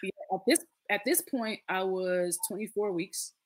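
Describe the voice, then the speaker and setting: A woman's voice: mid-range voice, normal speed. A woman in her late thirties, a podcast guest, telling a personal story in casual conversation, earnest and acting out the voices of others. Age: late 30s.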